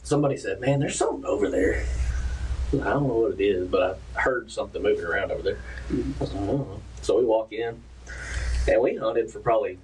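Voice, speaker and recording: A man in a casual chat, telling a hunting story at an unhurried pace. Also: on the low side, darkish tone, slight background noise. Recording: distant mic with faint ambience.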